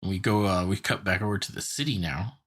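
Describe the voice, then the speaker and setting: A man's voice: deep voice, fairly quick, a bit bright, slightly rough. A man co-hosting a podcast, retelling a cartoon episode in a loose, rambling way with lots of filler words. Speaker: podcast co-host. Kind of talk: casual chat recapping a cartoon episode.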